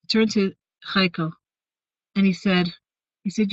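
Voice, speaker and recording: A woman's voice: mid-range voice, fairly even intonation, slow, long pauses, no echo. A woman teaching a weekly women's class, retelling a Hasidic story with frequent fillers and restarts. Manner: storytelling with many fillers and restarts, warm asides. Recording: dry, dull lo-fi sound.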